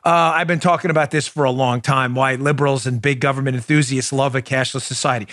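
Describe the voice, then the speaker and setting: Male political radio host, mid-pitched, punchy delivery, dry close mic. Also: fairly even intonation, fast talker, fairly bright tone, no room sound. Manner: emphatic, combative, addresses listeners directly. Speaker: talk show host. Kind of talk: political talk show monologue with ad reads.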